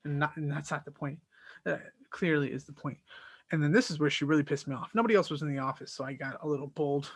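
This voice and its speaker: A man hosting his own podcast, telling the story of an argument in a casual, animated and exasperated way, acting out both sides of the dialogue. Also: fairly high pitch, quick pace, slightly rough, no echo. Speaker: podcast host.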